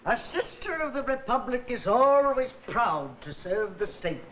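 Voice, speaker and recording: A woman's voice: on the high side, sing-song, a little slow. A fussy self-important older woman. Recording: echoey old TV audio, dull and hissy.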